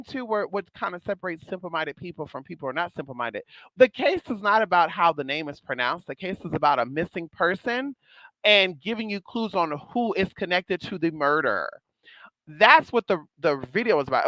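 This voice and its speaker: A sassy vlogger voice with a lively, swooping pitch that rises and falls all the time. The speaker talks bluntly to viewers, swears freely and calls people "girl" and "honey". The sound is close and dry, with no room echo. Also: normal speed. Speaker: spiritual vlogger. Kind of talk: casual monologue to viewers.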